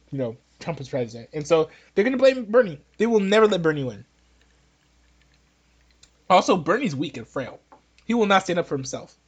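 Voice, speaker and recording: High-voiced man rambling about politics. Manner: rambling, joking, many restarts. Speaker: podcast host. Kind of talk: casual political opinion talk.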